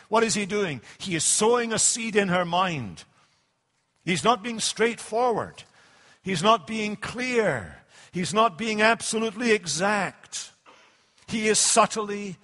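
High-voiced male preacher in a reverberant hall. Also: fairly bright tone. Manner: deliberate, emphatic, slowing on key phrases. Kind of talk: sermon.

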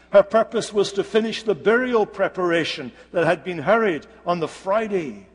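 A man preaching a sermon, retelling a scripture story slowly and dramatically with pauses. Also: sits high, big-room sound.

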